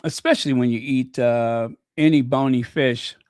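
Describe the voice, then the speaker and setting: A man's voice: medium pitch, steady tone, normal speed, a little mellow, no echo. A man hosting a casual livestream, chatting in a rambling way with many fillers and restarts, close to the mic. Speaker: channel host.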